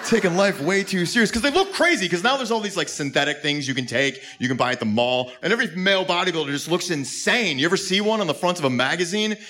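A man's voice: high-pitched, expressive, fast, few pauses, bright, forceful tone. A man doing a crude stand-up comedy set on a club stage, brash and prone to sudden yelps, on a handheld mic. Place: comedy club stage before a live audience. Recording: live club recording with noisy room.

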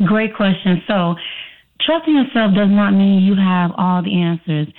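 A woman's voice: medium pitch, measured pace. A woman from Chicago with a slight Chicago accent, a coach answering interview questions and acting out her own inner dialogue. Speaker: self-trust coach, guest. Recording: tinny phone-like line.

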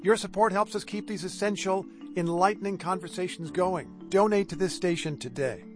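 A man's voice: high-pitched, normal speed. A male radio host making a heartfelt, conversational fundraising appeal. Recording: music bed under voice.

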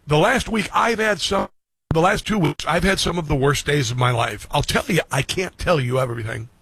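A man's voice: a little high, moderate pace, fairly bright tone, slightly rough. A middle-aged man hosting a radio and streaming show, speaking earnestly to his listeners and often repeating and restarting phrases. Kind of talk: reflective monologue to listeners.

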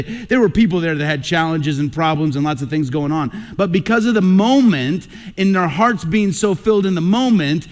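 A middle-aged man, a pastor, preaching a sermon on a radio broadcast with earnest personal stories and emphatic repetition. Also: high-pitched.

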